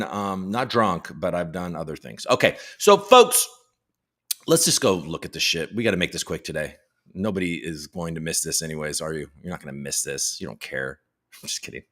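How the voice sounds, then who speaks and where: Sitting low and very animated, his voice moves at a moderate pace, pushed and bright. This livestream host jokes and rambles casually with heavy swearing, needles his viewers and reads the news headlines out, his banter profane and self-mocking.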